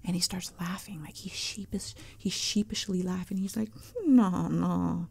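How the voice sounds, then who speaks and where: A woman hosting an ASMR channel, talking in a soft half-whisper and telling a rambling, chatty story up close to a sensitive mic. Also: mid-range voice, level tone, moderate pace, vocal fry, husky. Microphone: close sensitive mic for headphones.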